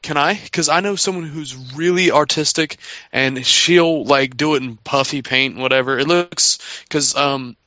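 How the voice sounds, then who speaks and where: A man's voice: on the high side, steady tone, normal speed, sharp tone, dry recording. A man in a casual wrestling podcast chat, eager and rambling, with lots of fillers. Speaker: podcast co-host. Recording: dry, dull lo-fi audio.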